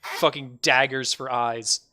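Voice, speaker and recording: A man's voice: mid-range voice, fairly even intonation, takes it slowly, sharp tone, a little hiss or hum. A man narrating a tabletop game as game master in a casual, loose way. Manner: casual narration with fillers, swearing.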